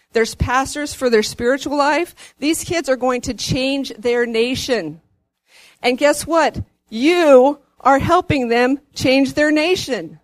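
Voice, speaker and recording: A woman's voice: high voice, no room sound. Earnest woman giving a church testimony. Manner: earnest, rising to excited.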